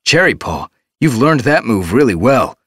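A man's voice: mid-range voice, big pitch swings, moderate pace, a bit bright, husky, no room sound, studio quality, pitched above the performer's own voice. A man voicing an earnest, decisive male cat clan leader in an audiobook. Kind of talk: audiobook character voice.

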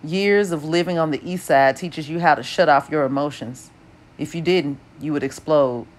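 Woman reading an audiobook, low voice, steady and even. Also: normal speed. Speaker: audiobook narrator. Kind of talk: audiobook narration.

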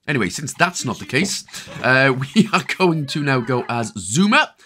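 A Welsh-accented man from Wales hosts a gaming video, delivering a jokey, rambling walkthrough full of asides. His medium-pitched voice is bright and forceful, very animated, at a normal speed.

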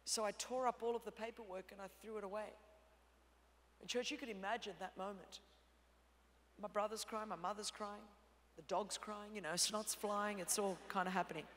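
An Australian woman delivers a sermon in a bright, forceful voice. She tells stories with humor and swings between hushed tones and shouting. Her voice rings out through a large hall with a long reverb. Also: mid-range voice, fairly even intonation, moderate pace. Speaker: preacher.

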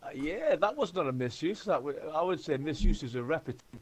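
A man playing a civilian in online role-play, joking absurdly in a deadpan, pedantic way. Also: on the high side, fairly quick, few pauses, husky. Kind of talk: in-character role-play chat.

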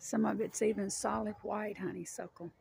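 A woman rambles through a casual walking vlog, a little out of breath. Her mid-pitched voice has a gravelly edge. She was recorded outdoors on a wooded trail with a handheld phone. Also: fairly even intonation, normal speed, a little mellow, slight background noise. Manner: chatty, rambling, talks sweetly to her dog. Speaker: vlogger walking her dog.

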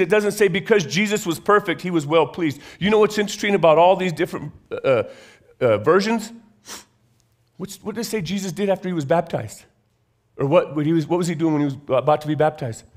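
Male pastor, sermon, slightly high pitch, emphatic rises and low slow drops. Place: church sanctuary.

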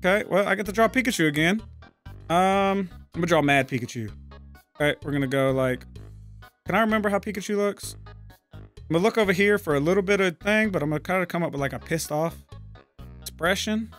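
A man's voice: sits high, animated, a little fast, long pauses, soft background music. A man hosting a casual gaming video, swearing freely and talking himself through a drawing as he goes. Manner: profane, narrates his drawing out loud.

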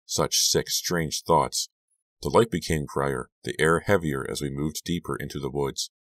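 A man narrating a scary audiobook in a measured, hushed storytelling manner, lifting his voice for the dialogue. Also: very deep voice, steady tone, no room sound, clean studio sound. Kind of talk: scripted narration.

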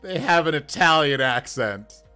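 Brief: male streamer GM, excitable and animated, faint music underneath. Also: fairly high pitch, measured pace. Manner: enthusiastic, talks to viewers, laughs often. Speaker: game master building characters. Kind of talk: casual livestream dice-rolling chat.

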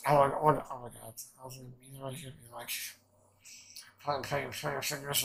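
A man talks through an anime reaction in a loose, rambling way, swearing freely and leaning on filler words. His voice is bright and forceful at a mid pitch, with a gravelly edge. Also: moderate pace, poor audio. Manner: rambling, excitable, swears often, many fillers. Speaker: anime reaction channel host. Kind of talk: casual anime reaction commentary.

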